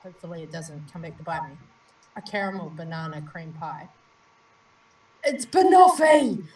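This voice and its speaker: A woman's voice: deep voice, fairly even intonation, a little fast, recorded from a distance, slight background noise, rough recording. A woman co-hosting a live stream, teasing playfully and breaking into laughter. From New Zealand. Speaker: co-host. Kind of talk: live-stream casual chat. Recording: voice a little off mic.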